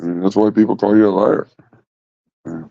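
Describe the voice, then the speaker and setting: A man's voice: fairly low pitch, fairly even intonation, brisk, gravelly, mellow, dry recording. A man hosting a casual livestream from his phone, rambling and swearing bluntly. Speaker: livestream host. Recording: dull lo-fi phone audio.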